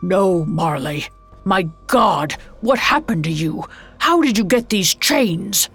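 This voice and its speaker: A woman's voice: medium pitch, animated, slow pace, a bit bright, husky, faint music behind, heavily acted. A woman voicing a miserly, skeptical old businessman who scoffs and brushes things off, in an audio drama reading. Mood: alarmed. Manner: scoffing, stubborn, dismissive.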